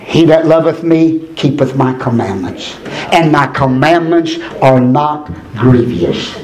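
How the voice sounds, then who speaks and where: Male preacher, fervent sermon, echoey church recording. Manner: builds from low, measured speech to high, shouted preaching. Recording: echoey church room, far from mic, congregation.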